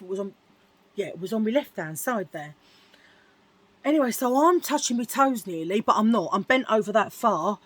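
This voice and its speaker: A woman telling a story to camera in a frank, rambling, animated chat. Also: medium pitch, breathy edge. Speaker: beauty vlogger. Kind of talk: casual chatty storytelling.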